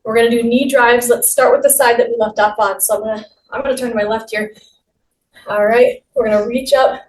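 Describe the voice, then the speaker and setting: A woman's voice: a little high, fairly even intonation, brisk. A woman leading a guided exercise class, giving upbeat, encouraging cues while she moves along. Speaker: fitness instructor. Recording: roomy, distant mic with faint noise.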